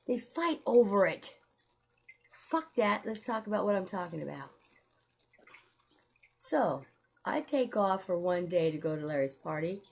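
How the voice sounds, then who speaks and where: A woman's voice: medium pitch, animated, moderate pace, darkish tone. A woman telling a rambling personal story to camera, blunt and profane, heated as she goes.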